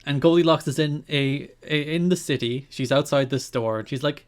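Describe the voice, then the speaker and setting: A man co-hosting a casual podcast, walking through a story with dry, deadpan asides. His voice sits in an ordinary middle pitch. He keeps an easy conversational tone. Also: a little fast, few pauses, clear, resonant tone. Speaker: podcast co-host.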